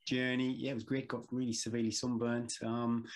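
A man's voice: mid-range voice, a little fast. Easygoing British man, podcast co-host. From Britain. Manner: relaxed, easygoing, frequent fillers and laughs. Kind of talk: casual podcast banter.

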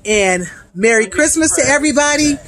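A woman's voice: sits high, expressive, normal speed, crowd noise. Chatty Californian woman vlogging at a crowded outdoor family gathering. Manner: exclamatory, laughs often, chatty. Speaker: vlog host, personal chef. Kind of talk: casual family vlog.

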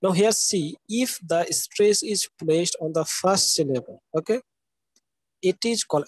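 On the high side, the man's voice comes through a dry, low-quality recording as he lectures live at a university. He lays things out step by step, spells terms letter by letter, and frequently asks "okay?".

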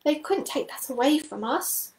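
Fretful old toad with a high, shaky voice, read by a woman, roomy sound. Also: lively intonation, normal speed, darkish tone. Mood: distraught.

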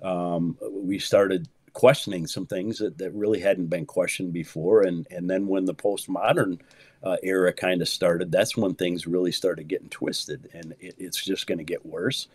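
A man in his fifties, a pastor, talking in an animated preaching way, swinging from low murmurs to loud, high exclamations and leaning on "man" for emphasis. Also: normal speed, husky, dry recording. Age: 50s. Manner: peppers speech with "man", repeats words for emphasis.

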